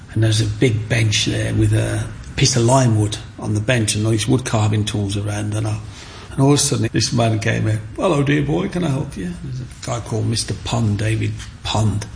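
Gravelly man telling stories. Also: lowish voice, moderate pace, slight background noise. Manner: chatty, animated, acts out quoted voices. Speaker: guest, micro-sculptor. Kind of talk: storytelling in an interview.

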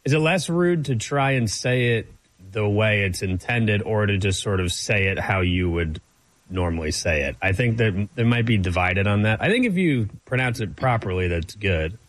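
A man who is a regular on a sports radio show, talking in a dry, measured way. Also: fairly low pitch, lively intonation, no room sound. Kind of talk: casual sports talk.

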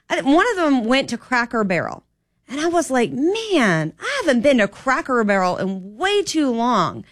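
A woman hosting an opinion talk radio show as a fill-in, talking in an animated, opinionated and rambling way into a studio microphone. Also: medium pitch, smooth, no room sound.

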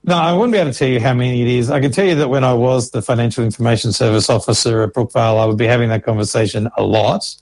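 A man with a middle-pitched voice explains rules in an interview. He is patient and methodical and walks through each case with examples. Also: rapid-fire, few pauses, a little mellow, rough recording. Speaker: Services Australia financial information officer.

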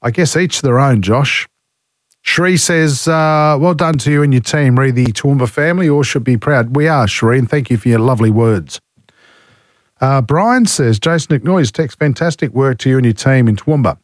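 A man's voice: mid-range voice, moderate pace, no room sound, clean studio sound. A man with an Australian accent hosting talkback radio, reading listener texts and giving blunt, indignant opinions while fighting a cold. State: has a cold. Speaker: talk radio host. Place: radio studio.

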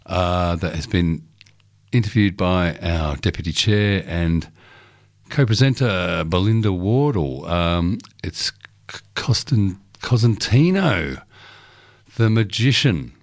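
A man's voice: low-pitched, expressive, slow pace, dry recording, faint music behind. An Australian man hosting a live radio show from a studio, talking casually and rambling with lots of ums and uhs. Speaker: radio host.

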